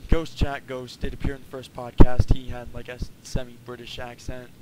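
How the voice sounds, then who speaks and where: A man's voice: medium pitch, flat delivery, a little fast. A man co-hosting a podcast in casual chat, giving listeners instructions with a dry joking manner. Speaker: podcast co-host. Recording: loud background noise and clicks.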